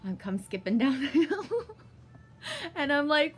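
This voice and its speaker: A woman vlogger casually telling a long story, rambling with lots of fillers, swearing often and bursting into giddy excitement. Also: on the high side, measured pace, slight background noise.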